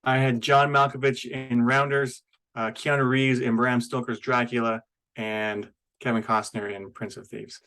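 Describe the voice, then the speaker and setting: A man's voice: medium pitch, level tone, moderate pace, bright, forceful tone, clean tone, poor audio. Easygoing male podcast co-host. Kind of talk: casual film chat.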